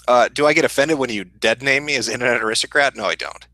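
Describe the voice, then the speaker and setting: A man with a Midwestern accent, hosting a casual livestream and answering chat questions in a profane, deadpan, sardonic way. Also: medium pitch, fast talker, no echo, low-quality recording. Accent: Midwestern American.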